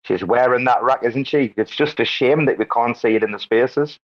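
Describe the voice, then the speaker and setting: A man hosting a casual live audio chat with loud, joking banter and free swearing. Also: medium pitch, moderate pace. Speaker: host. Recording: dull lo-fi online audio.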